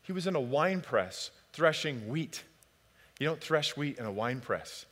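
A man preaching a sermon, lively and conversational, who acts out biblical dialogue in different voices. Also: medium pitch, a little slow. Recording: long hall reverb.

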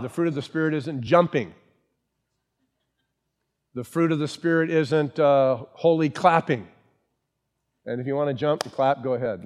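Male pastor, sermon delivery, fairly high voice, emphatic, repeats key lines. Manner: emphatic, repeats key phrases, asks the congregation questions.

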